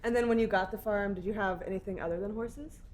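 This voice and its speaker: A young woman with a Southern American accent hosts a casual podcast chat, talking in quick animated bursts and laughing a lot. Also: medium pitch, slight background noise. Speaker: podcast host.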